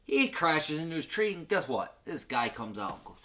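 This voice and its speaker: This guest comedian talks in a mid-range voice at normal speed, with hardly any pauses. He crudely and profanely retells an old film in animated fashion, acting out what the characters say.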